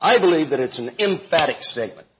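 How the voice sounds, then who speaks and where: A man teaching a Bible study group in an informal, deliberate way, stressing words and adding homely asides and self-corrections. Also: fairly high pitch, animated, dull audio, a little hiss or hum.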